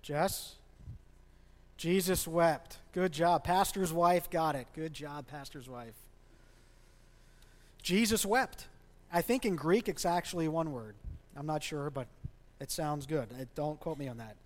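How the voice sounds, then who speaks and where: A man's voice: on the high side, normal speed, darkish tone. A man preaching a sermon as a pastor in a church, speaking conversationally and asking the congregation questions. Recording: long reverb of a large hall.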